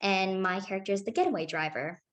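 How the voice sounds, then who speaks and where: Chatty upbeat young actress. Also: female voice, medium pitch, fast talker. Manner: chatty, upbeat, with many fillers. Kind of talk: casual interview answers.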